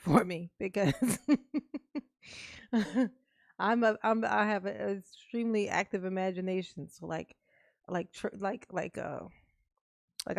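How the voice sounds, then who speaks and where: Woman, live reaction stream, casual chat, frequent laughter, mid pitch, dry close sound. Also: gravelly, dry recording. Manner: laughs a lot, chatty, talks to chat. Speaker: streamer reacting to a court livestream.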